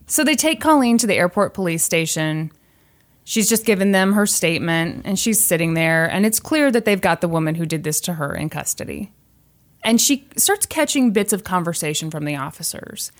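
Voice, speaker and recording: A woman co-hosting a podcast, casually telling a true crime story with animated delivery and acted-out quotes. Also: on the low side, moderate pace. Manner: animated, acts out quoted voices, laughs often.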